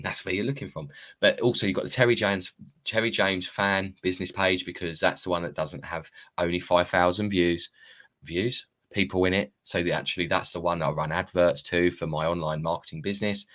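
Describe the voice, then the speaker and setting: A man's voice: sits low, a bit bright. A man in his thirties talking to viewers live from his phone, rambling and chatty, swearing now and then and laughing at himself. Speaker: live-streaming self-help coach. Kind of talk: casual live-stream monologue.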